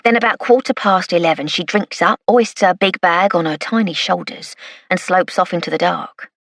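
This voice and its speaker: A man's voice: high voice, normal speed, vocal fry, fairly bright tone, no room sound, clean studio sound. A woman voicing a sly, leering male informant from London's East End in an audiobook, with a cocky, wheedling manner. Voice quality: cackling laugh, wheedling banter. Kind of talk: audiobook character voice.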